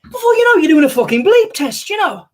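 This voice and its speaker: A man's voice: very high-pitched, sing-song, fairly quick, far from the mic, voice pushed up. A man doing an impression of a famous English comedian, ranting frantically and swearing. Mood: manic. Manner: frantic, sweary, breathless rants. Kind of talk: stand-up impression.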